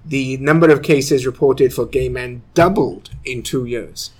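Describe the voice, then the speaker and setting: A man's voice: mid-range voice, a little slow, darkish tone, a little hiss or hum. A man co-hosting a casual podcast, chatty and jokey, laughing often while he talks. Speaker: podcast co-host.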